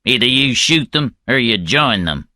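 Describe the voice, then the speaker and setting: A man's voice: medium pitch, expressive, a little slow, sharp tone, dry recording, studio quality, voice pushed up. Man voicing a cold, menacing guard leader. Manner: blunt, threatening.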